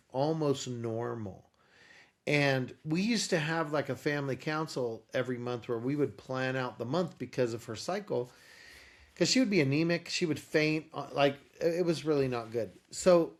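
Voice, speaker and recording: A man speaking as a guest on a podcast interview, with a voice that sits a bit high for a man. He tells his story in an animated way, playing out both sides of each conversation. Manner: animated storyteller acting out dialogue.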